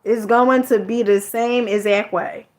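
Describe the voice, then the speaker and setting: Woman vlogger, relaxed storytelling monologue, chatty and slangy, fairly high pitch. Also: unhurried. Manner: chatty, repeats words, slangy.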